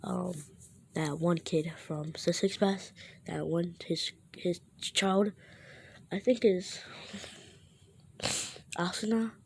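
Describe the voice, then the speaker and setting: A woman retells a fan story in a loose, rambling way, often stopping to correct herself. Her voice is mellow and a little low. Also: fairly even intonation, slow, creaky, pauses often, a little hiss or hum.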